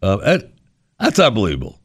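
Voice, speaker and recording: Low, dry-voiced sarcastic radio host man. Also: huge pitch swings, fairly quick, fairly bright tone, no echo. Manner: rambling, sarcastic, jokey. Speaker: radio talk show host. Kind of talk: casual radio monologue. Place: radio studio. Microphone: studio microphone.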